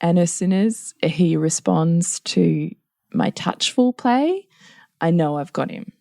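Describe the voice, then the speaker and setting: A middle-aged woman chats on a podcast, laughing as she goes and putting on voices for her family. Her voice sits fairly low but leaps around a lot. The sound is close and dry. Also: takes it slowly, gravelly, no room sound. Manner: laughs often while telling stories; acts out family members' lines in lively voices. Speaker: podcast co-host. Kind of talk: casual podcast chat.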